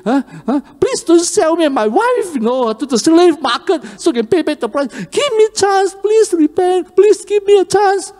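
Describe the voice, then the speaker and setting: A preacher voicing a desperate male servant who begs his master in a frantic, high, pleading voice. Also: very animated, moderate pace, hardly any pauses, a little mellow, in a large hall.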